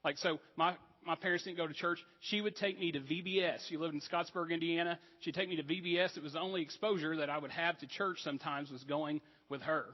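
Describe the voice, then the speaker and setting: A man's voice: on the high side, steady tone, fast, few pauses, muffled recording. Earnest man preaching in echoey church. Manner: conversational, earnest preaching with asides. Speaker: pastor. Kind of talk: sermon. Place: church sanctuary.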